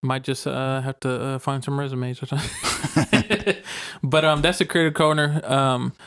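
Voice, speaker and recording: A man's voice: medium pitch, fairly even intonation, moderate pace, a bit bright, smooth, dry recording, clean studio sound. A man co-hosting a podcast in casual chat, laid-back and slangy, laughing often. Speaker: podcast co-host.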